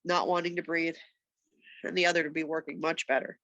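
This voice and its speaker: A woman with a stuffy, congested voice, calmly giving slow step-by-step yoga and massage cues on a nearby mic. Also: low voice, no echo, dull audio. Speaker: yoga instructor. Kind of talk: guided yoga instruction. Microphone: external mic nearby.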